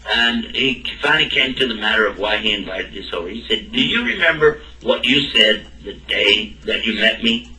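A man's voice: on the low side, lively intonation, moderate pace, few pauses, pushed and bright. A man telling a personal story in a talk, acting out both sides of the dialogue. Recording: roomy and distant from the mic.

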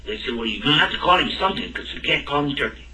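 Male storyteller, bright, voices every character, echoey room. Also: on the high side, very fast. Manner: animated, acts out both sides of the dialogue. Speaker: speaker telling a personal story. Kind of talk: anecdotal storytelling talk. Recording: roomy and distant from the mic.

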